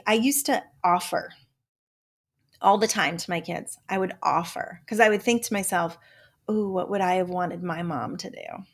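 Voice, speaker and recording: An older woman hosting a motivational self-help talk show, emphatic and blunt, swearing casually and now and then slipping into a joking Southern drawl. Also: mid-range voice. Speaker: podcast host.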